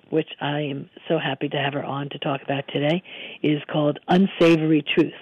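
A hoarse man hosting a radio show, his voice sitting a little higher than most men's. He talks in a relaxed, easygoing way, full of ums and small restarts. The studio sound is dry and close. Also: dry recording, rough recording. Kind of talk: casual radio talk, recipe and guest intro.

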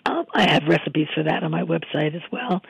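A man hosting a radio talk show, hoarse after losing his voice, talking casually with many ums and restarts. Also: a little high, fairly even intonation, a little fast, no echo, highs cut off. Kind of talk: casual radio talk, recipe and guest intro.

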